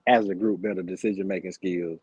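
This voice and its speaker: A man's voice: low voice, steady tone, fairly quick, darkish tone, breathy edge, no room sound. A man talking earnestly in a casual livestream chat, repeating his points to drive them home.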